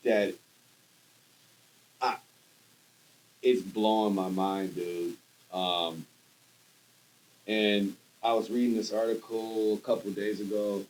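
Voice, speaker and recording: A man co-hosting a podcast, talking in an animated, rambling way with lots of restarts and casual slang. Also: fairly low pitch, takes it slowly, long pauses, a little hiss or hum, poor audio. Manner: animated, rambling with restarts, says bro and dude. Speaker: podcast co-host. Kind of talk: casual chat.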